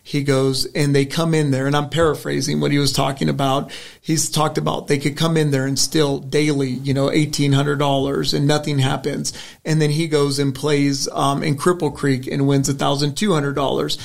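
Brief: middle-aged male candidate, slightly high voice with gravel, earnest storyteller, restarts often. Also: little pitch movement, moderate pace. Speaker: state senate candidate. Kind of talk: interview answer, conversational.

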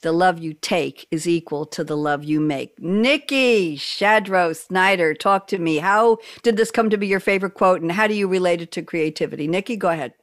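A woman's voice: fairly low pitch, normal speed, hardly any pauses, dry recording, clean studio sound. A woman hosting a radio talk show over a video call, telling a story with emotion and laughter. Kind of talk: casual talk show chat.

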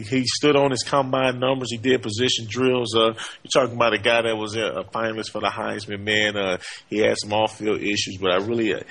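Energetic sports radio host, man. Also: fairly low pitch. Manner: energetic, frequent fillers and 'hey, man'.

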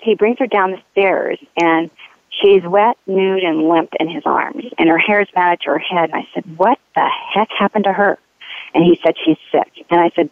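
A woman's voice: fairly low pitch, no echo. A woman giving an earnest personal testimony as a mother, telling her story with urgency. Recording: tinny phone line.

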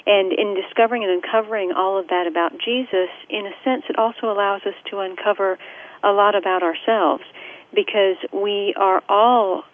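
A woman's voice: medium pitch, steady tone, moderate pace. A woman hosting an interview, speaking in an earnest and reflective way. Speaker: interview host. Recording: tinny phone line.

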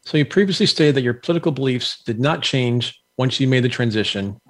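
A man's voice: medium pitch, lively intonation, fairly quick. A man hosting an interview, putting direct, prepared questions to his guest. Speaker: interview host.

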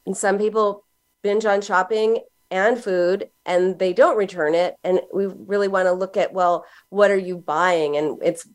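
A middle-aged woman psychoanalyst talking casually as an interview guest, animated and laughing as she tells stories. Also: medium pitch, unhurried. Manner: animated storyteller, acts out quoted voices with a laugh.

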